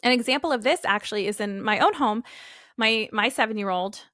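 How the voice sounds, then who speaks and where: A woman's voice: fairly high pitch, fairly quick, a bit bright, dry recording, clean studio sound. A woman in her thirties hosting a casual solo podcast, upbeat and chatty, often acting out what her family says. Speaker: podcast host.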